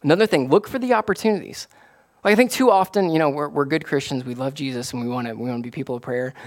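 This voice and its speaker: A man, a pastor, preaching a casual, conversational sermon that rises to excited emphasis. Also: a little high, fast talker. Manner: animated, rising to excited emphasis.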